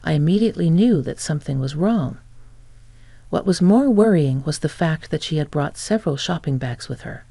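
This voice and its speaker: A woman narrating a scripted first-person story in an even, matter-of-fact way. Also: low-pitched, creaky, no room sound.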